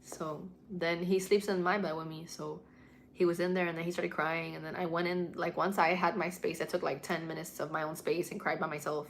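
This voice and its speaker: Lowish-voiced woman chatting on a livestream. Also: level tone, a little fast, gravelly, slight background noise. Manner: mixes english and spanish, swears freely, candid. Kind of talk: casual livestream chat. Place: home at night.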